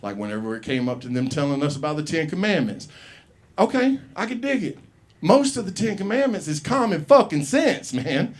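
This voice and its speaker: A man's voice: a little high, big pitch swings, moderate pace. A man telling a profane story as a stand-up comic at an open mic, acting out the people he quotes. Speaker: stand-up comedian. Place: comedy club stage.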